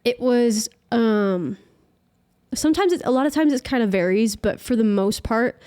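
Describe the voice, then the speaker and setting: A woman's voice: a little high, lively intonation, moderate pace, dark tone. Young woman telling a personal story. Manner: chatty, heavy use of filler "like". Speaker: podcast guest.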